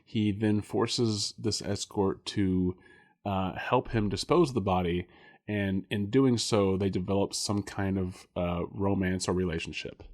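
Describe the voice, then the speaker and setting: A man's voice: sits low, fairly even intonation, measured pace, a little mellow. A man co-hosting a casual podcast chat, laughing often and rambling with lots of fillers. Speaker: podcast co-host.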